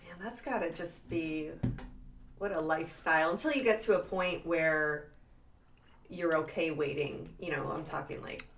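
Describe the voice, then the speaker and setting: A woman with a very low, gravelly voice chats casually as a podcast co-host. She is supportive and quick to agree with her partner. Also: fairly bright tone, a little hiss or hum. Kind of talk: casual chat.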